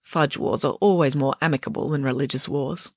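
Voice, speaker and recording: A woman's voice: very deep voice, brisk, no echo, studio quality. A woman voicing a bossy, theatrical pig nanny in an audiobook, talking with grand confidence. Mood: storytelling. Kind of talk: audiobook character reading.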